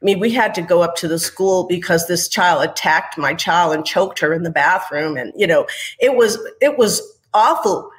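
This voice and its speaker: A woman's voice: fairly low pitch, expressive, normal speed, rough recording. A woman speaking as a mother, sharing her experience in an earnest, reflective, candid way during a panel conversation.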